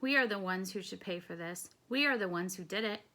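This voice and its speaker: A woman reading the part of an earnest male Roman senator and conspirator in a calm, plain way. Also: mid-range voice, a little fast, lightly acted.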